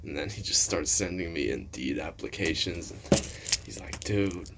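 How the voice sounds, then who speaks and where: A man's voice: extremely low pitch, normal speed, heavy background noise. A man telling rambling school stories in a casual vlog, full of fillers and swearing. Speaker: vlogger. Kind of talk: casual storytelling.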